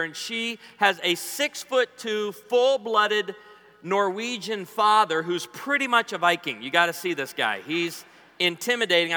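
A man's voice: high-pitched, bright, forceful tone. A man in his forties preaching a humorous sermon, joking with the congregation and telling stories. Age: 40s. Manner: joking, storytelling, playful banter with the crowd. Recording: long hall reverb.

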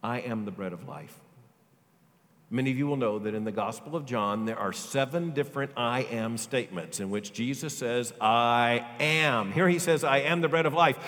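A male pastor preaching a sermon, swinging from loud, emphatic high lines to quiet, low ones. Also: normal speed. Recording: long reverb of a large hall.

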